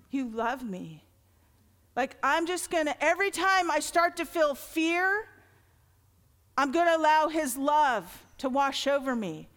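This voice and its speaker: A woman's voice: high voice, a bit bright. A middle-aged woman pastor giving a sermon in an earnest, conversational way, swelling into emphatic lines. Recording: long reverb of a large hall.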